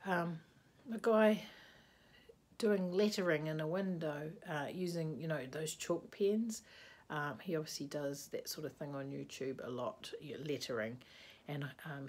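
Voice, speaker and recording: A woman's voice: sits low, normal speed, a little mellow, slight background noise. A woman vlogging casually indoors, rambling and chatty, sleepy and yawning. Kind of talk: casual video-reply vlog. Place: indoors, bedroom with a bedspread.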